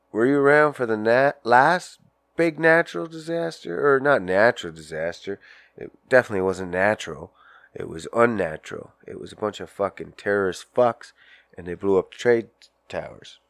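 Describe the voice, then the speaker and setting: A man's voice: on the low side, expressive, moderate pace, a bit bright, clean tone, dry recording. A man hosting a casual podcast, ranting in a crude, profane, rambling way and acting out little scenes while smoking a joint. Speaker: podcast host. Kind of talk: casual solo podcast rant.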